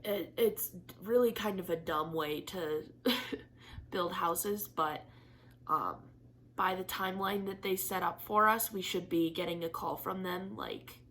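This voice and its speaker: A woman's voice: on the low side, measured pace, a bit bright, slight background noise. A young woman chatting candidly to camera in a craft vlog, swearing casually and laughing often, teary and disappointed. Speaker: craft vlogger.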